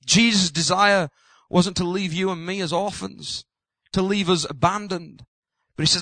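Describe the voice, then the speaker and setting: A man, a pastor, preaching an impassioned sermon that builds to loud emphatic peaks and slows on key words. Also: sits high, fairly even intonation, no room sound.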